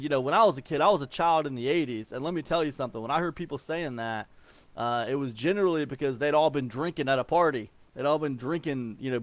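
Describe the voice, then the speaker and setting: A man's voice: fairly high pitch, no room sound. A man in his forties from Ohio, talking casually about email marketing in a rambling way, full of fillers and restarts. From Ohio, USA. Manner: rambling, with many fillers and repeated words. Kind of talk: casual explanatory talk.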